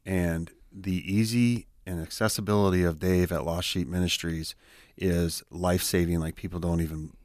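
A man's voice: low voice, steady tone, darkish tone, no echo, clean studio sound. A man working as a peer support specialist, telling a heartfelt personal story as a guest on a radio talk show. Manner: heartfelt, conversational, quick. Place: radio studio.

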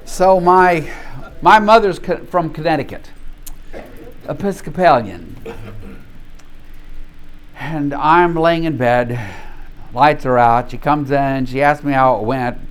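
A man's voice: a little high, takes it slowly, pauses often, slight background noise. A man from North Louisiana teaching a Bible study in a conversational way, often checking in with the group and telling stories with animation. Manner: animated storyteller.

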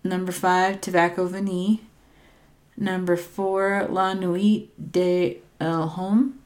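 A woman's voice: fairly low pitch, little pitch movement, slow, a little mellow. A woman chatting casually as she reads out a ranked list, often unsure and stumbling on names, with small asides. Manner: hesitant, unsure pronunciations, trailing asides.

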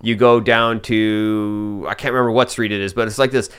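A man co-hosting a podcast, chatting about video games in a relaxed way, often chuckling and trailing off mid-sentence. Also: lowish voice, moderate pace, clear, resonant tone. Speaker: podcast co-host.

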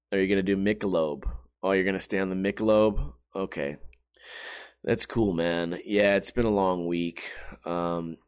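A man putting on the voice of a laid-back male bartender, speaking in a slow, low, mumbling drawl with long pauses. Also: clean tone.

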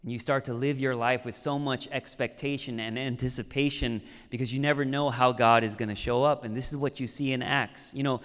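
A man's voice: medium pitch, a bit bright. Man, pastor, conversational sermon, frequent asides, resonant voice, long reverb of a large sanctuary. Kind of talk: sermon with personal storytelling.

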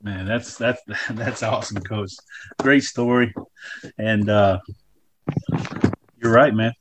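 A man's voice: on the low side, takes it slowly. A man hosting a podcast, affirming his guest and groping for words in casual chat. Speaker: podcast host. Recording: noisy background hiss.

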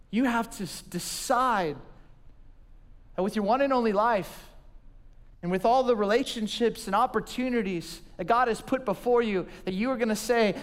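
Pastor in his forties, high voice, animated storyteller, church-hall reverb. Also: unhurried. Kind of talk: sermon.

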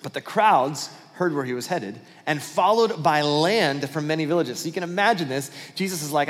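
A man's voice: high voice, a little fast, in a large hall. A man preaching a sermon as pastor, telling a Bible story with acted-out dialogue and frequent restarts.

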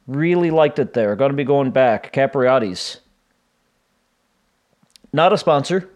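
A man hosting a casual solo podcast, his voice a little raspy and weak after laryngitis, rambling and self-deprecating with many fillers. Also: medium pitch, animated, measured pace, pauses often, darkish tone. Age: 40s. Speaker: podcast host. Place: home.

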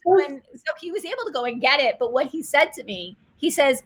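A middle-aged woman hosting a faith talk show, telling a story with lively energy and frequent laughter. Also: high-pitched. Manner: excited storytelling, laughs often, fast animated retelling.

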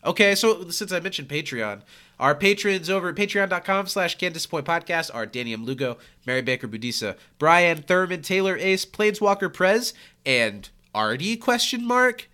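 A man's voice: high voice, expressive, a little fast, sharp tone, clear, resonant tone. A man co-hosting a podcast in casual chat, joking and reading sponsor plugs. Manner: joking, reads patron plugs. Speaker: podcast co-host.

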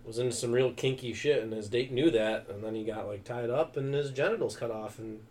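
A man's voice: mid-range voice, fairly quick, a little mellow, slight background noise. A man co-hosting a podcast, relaying stories in a dry, matter-of-fact way during casual chat. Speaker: podcast co-host.

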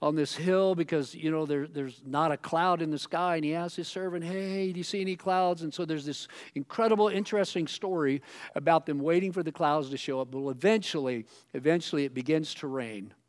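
A man's voice: fairly high pitch, brisk. Chatty, joking male preacher. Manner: casual, joking storytelling full of "you know" asides. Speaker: pastor. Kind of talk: sermon.

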